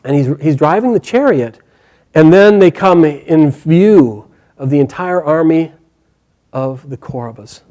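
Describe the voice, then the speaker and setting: A male storyteller retells an epic tale with lively, animated energy and casual fillers. His voice sits fairly high and has a warm, mellow tone. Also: measured pace. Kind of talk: oral storytelling.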